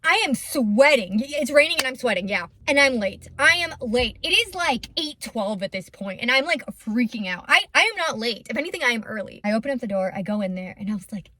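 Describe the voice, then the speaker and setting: Chatty high-voiced young woman. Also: a little fast, hardly any pauses, dry recording. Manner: chatty, animated storytelling with many fillers. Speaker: lymphatic massage business owner. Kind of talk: casual storytime vlog.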